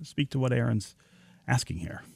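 Male talk radio host, gravelly, mid pitch, dry studio sound. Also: expressive, mellow, no room sound. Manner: brisk, announces phone number and callers. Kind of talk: public radio call-in show hosting.

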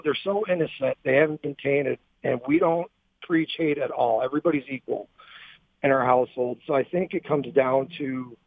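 A man in his thirties calling in to a radio show, telling a personal story in a halting, emotional way with many restarts. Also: medium pitch, no echo. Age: 30s. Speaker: caller. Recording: tinny phone line.

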